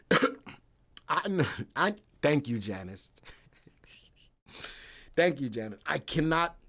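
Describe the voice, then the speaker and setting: A man's voice: fairly high pitch, drawn-out words. Chatty man hosting a live stock stream. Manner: chatty, thinks aloud and answers viewers by name; gets loud and excited when reacting to chat. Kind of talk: casual live-stream commentary.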